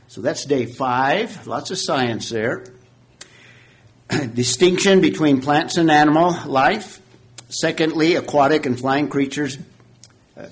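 A man teaches a Bible class in an unhurried, deliberate way, leaning hard on key words and pausing often. His voice sits at an ordinary male pitch, and the talk has the feel of a lecture. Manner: slow, measured, emphatic teaching with frequent pauses.

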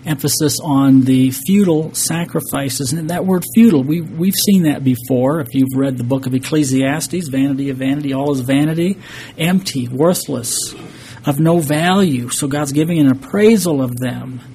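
A man's voice: mid-range voice, normal speed, mellow, a little hiss or hum. A man preaching a sermon, earnest and emphatic, reading scripture and explaining it to a congregation. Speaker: pastor.

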